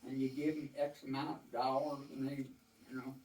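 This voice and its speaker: A man's voice: mid-range voice, little pitch movement, moderate pace, a little mellow, a little hiss or hum. An older man telling rambling, folksy war stories to a small audience, quoting others at length. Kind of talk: casual storytelling to a small audience. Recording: roomy, from far off the mic.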